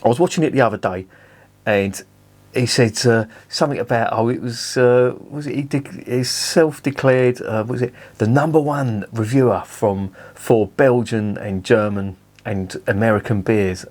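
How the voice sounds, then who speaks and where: A man reviewing beer in a blunt, sweary, animated rant. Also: medium pitch, moderate pace. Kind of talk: casual ranting review.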